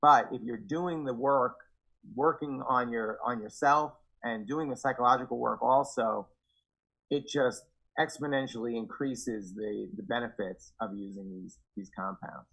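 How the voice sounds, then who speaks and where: A young man with a husky, slightly breathy voice talks earnestly in a casual podcast chat. He speaks with reflection and turns animated when he acts out his own past words. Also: medium pitch, unhurried, rough recording. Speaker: podcast guest. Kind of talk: casual conversation.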